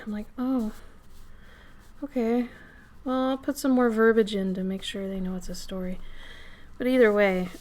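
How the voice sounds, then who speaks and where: In a mid-range voice roughened by a recent illness, a woman from Minnesota makes casual conversation on her drawing live stream. The close-up mic catches every crackle and the soft whispers she keeps falling into.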